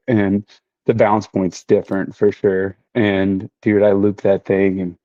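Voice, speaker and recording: A man who races motorcycles, talking in a relaxed way as a podcast guest. His voice is low and mellow. The audio sounds dull and muffled. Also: normal speed, no echo. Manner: relaxed, many fillers like "you know". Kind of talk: casual conversation.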